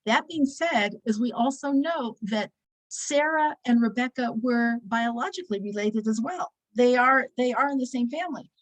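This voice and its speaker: A woman's voice: fairly high pitch, moderate pace, low-quality recording. A woman in her sixties teaching a weekly scripture class, talking casually and telling stories with many fillers and restarts. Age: 60s.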